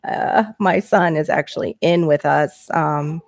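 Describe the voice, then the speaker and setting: A middle-aged woman hosting a casual livestream from home, reading chat aloud and chatting on a headset mic, laughing often as her voice jumps up when excited. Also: deep voice, a little slow, creaky, no echo, studio quality. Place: small home bedroom.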